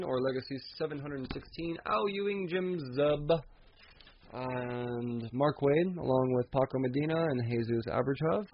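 Husky man casually reviewing comics. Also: mid-range voice. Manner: casual, profane, chuckling. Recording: dull lo-fi recording.

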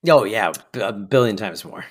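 A podcast co-host chatting casually and eagerly, often repeating words when excited. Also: deep voice, moderate pace. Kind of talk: casual chat recapping an episode.

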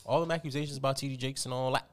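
A man co-hosting a podcast in animated, slangy casual chat, swearing freely. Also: mid-range voice, very fast. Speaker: podcast co-host. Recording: clear background noise.

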